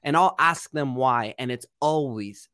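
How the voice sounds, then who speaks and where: A man's voice: medium pitch, a little slow, a bit bright, clean tone, no echo, clean studio sound. A man, a real estate coach and podcast guest, explaining his ideas boldly and emphatically. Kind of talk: podcast interview.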